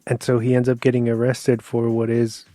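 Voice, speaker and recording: A man's voice: medium pitch, completely flat delivery, fairly quick, dark tone, no room sound. A man co-hosting a podcast, rambling through a casual film review and searching for words as he goes. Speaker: podcast co-host.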